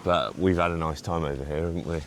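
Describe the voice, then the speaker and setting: A man's voice: extremely low pitch, fairly even intonation, fast talker, noisy background. A man from the UK co-hosting a vlog, chatting in an easygoing, joking way while walking on a beach. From United Kingdom. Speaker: vlog co-host. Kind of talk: casual chat while walking. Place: outdoors on a beach.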